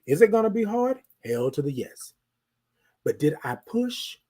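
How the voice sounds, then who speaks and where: A man's voice: sits high, big pitch swings, a little slow, dark tone. A man hosting a motivational talk, emphatic, using rhetorical questions and repetition. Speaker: host of a motivational show.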